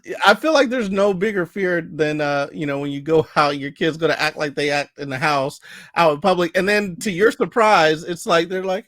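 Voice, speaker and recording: A man hosting a podcast, chatting casually and telling stories with animated voices. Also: high voice, no room sound, clean studio sound. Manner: animated storyteller, acts out voices. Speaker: podcast host. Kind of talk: casual conversation.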